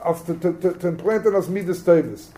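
Torah teacher, male, slightly high pitch, explains texts and quizzes the class. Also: a little fast, dark tone. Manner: explanatory, mixing Hebrew terms into English, quizzing the class. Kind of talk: Talmud class lecture.

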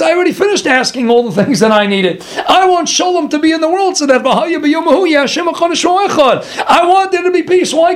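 A man teaching a Torah lecture as a rabbi. He asks rhetorical questions and acts out pleas as little dialogues. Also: very high-pitched.

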